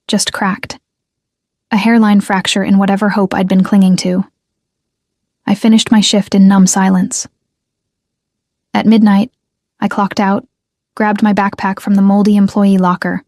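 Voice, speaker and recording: A young woman tells a first-person story in a measured, restrained manner, her mellow, dark voice holding a very level pitch. The recording is dry and close.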